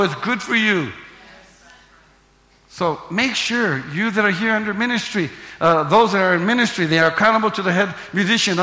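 An older man preaching a live sermon as pastor, emphatic, swinging from shouts to hushed tones. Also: high voice, a little fast. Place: large church hall. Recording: echoey church hall with long reverb.

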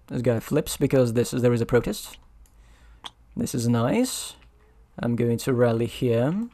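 Guy doing a solo board game playthrough, thinking out loud, bit of vocal fry, mid pitch. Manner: thinking aloud, muttering over rules.

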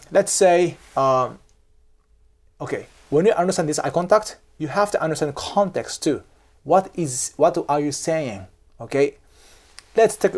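A man's voice: on the high side, a little mellow. Emphatic Japanese-accented man. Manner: emphatic, repeats "okay?" and "seriously", acts out examples. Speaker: cultural commentator. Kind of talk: casual explainer talk.

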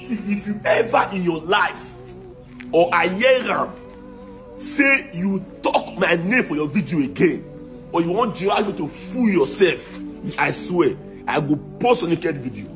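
Comic skit: a man as a boastful scammer, Nigerian accent, voice a touch high, taunting, music behind. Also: expressive, unhurried. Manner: taunting and threatening. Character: boastful young male scammer who swindled his girlfriend. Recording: music playing under the voice.

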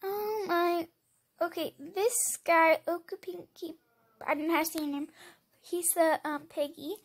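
A woman commentating her game, excitable and rambling, jumping from loud squeals to hushed whispers. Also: very high-pitched, a little slow. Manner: rambling with many fillers. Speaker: gamer.

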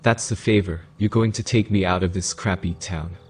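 Brief: male reader doing a cocky teen girl hacker, snarky and teasing, read in his own deep voice. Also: fairly even intonation, normal speed, darkish tone, breathy edge.

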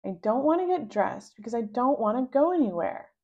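A woman reading a children's book aloud, narrating slowly and expressively in the first person. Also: on the high side, big pitch swings, warm tone, breathy edge, dull audio. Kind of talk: read-aloud storybook narration.

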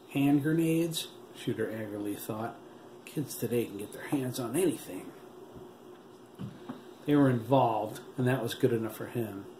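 A man reading his own novel aloud as an audiobook, in a steady, dramatic storytelling manner. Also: lowish voice. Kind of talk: audiobook narration. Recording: roomy echo, faint background hiss.

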